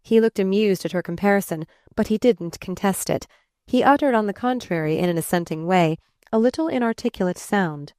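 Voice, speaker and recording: A woman narrating a classic novel as an audiobook, reading in a measured, expressive way. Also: medium pitch, clear, resonant tone, no room sound, clean studio sound.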